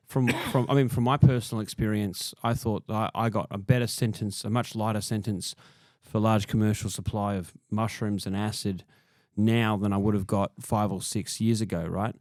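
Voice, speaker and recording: A man's voice: on the low side, normal speed, darkish tone, dry recording. A man hosting a podcast, chatting casually, agreeing often and asking long questions. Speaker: podcast host. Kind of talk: casual interview.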